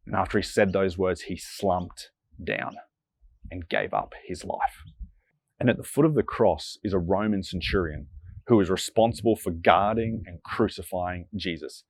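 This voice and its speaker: A man preaching a sermon as dramatic storytelling, slowing and going soft on the heavy moments. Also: sits low, no room sound. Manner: slows down and drops soft for emphasis.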